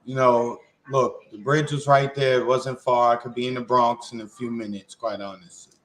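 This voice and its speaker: A man from Queens, co-hosting a political podcast in a blunt, profane, animated way. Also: mid-range voice, moderate pace, poor audio. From Queens, New York. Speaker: co-host. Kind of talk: casual political podcast chat.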